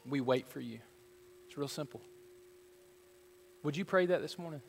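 Earnest pastor in a reverberant sanctuary. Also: male voice, on the high side, moderate pace, vocal fry, a little hiss or hum. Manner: earnest, building to fervent prayer. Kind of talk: sermon. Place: church sanctuary.

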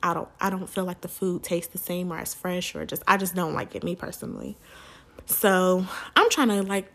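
A young woman vlogger telling a casual storytime, lively and chatty, acting out her own and her mother's lines. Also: medium pitch, moderate pace. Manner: animated, quotes herself and her mom in raised voice.

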